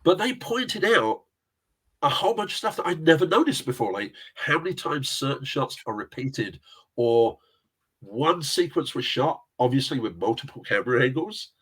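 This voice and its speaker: A man's voice: mid-range voice, big pitch swings, moderate pace, a bit bright, husky. A middle-aged man, telling rambling anecdotes as a guest in a casual interview. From England. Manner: rambling anecdotal storyteller, chuckles often. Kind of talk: casual chat.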